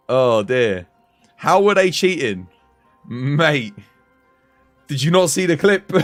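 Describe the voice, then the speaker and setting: A man chatting casually with viewers while commentating his own gameplay on a live stream. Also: medium pitch. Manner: chatty, animated, slangy.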